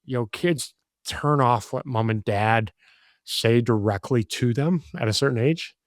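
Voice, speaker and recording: A man's voice: mid-range voice, unhurried, no echo, clean studio sound. A middle-aged father talking as a guest, rambling earnestly with many restarts. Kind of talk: casual conversation.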